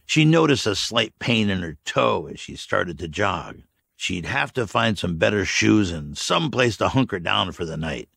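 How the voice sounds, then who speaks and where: Deep, gravelly male audiobook narrator. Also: sing-song, unhurried, a bit bright, dry recording.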